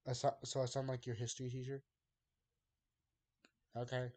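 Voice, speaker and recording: A man's voice: medium pitch, completely flat delivery, moderate pace, darkish tone. A young man chatting casually with his live-stream viewers, drawling and exasperated as he bounces jokes off the chat. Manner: drawling, exasperated banter with chat, laughs often.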